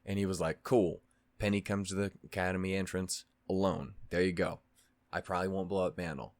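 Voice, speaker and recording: A man's voice: sits low, fairly even intonation, fairly quick, dry recording. A man hosting a reaction channel, casually recapping a show in a rambling way, with lots of fillers, restarts and swearing.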